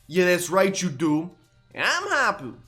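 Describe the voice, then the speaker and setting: A bold young country gal with a put-on Southern drawl, as a man reads her lines. She talks loud and folksy, pitched high above his own voice. A faint music bed plays behind her. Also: wildly swooping pitch, measured pace, heavily acted.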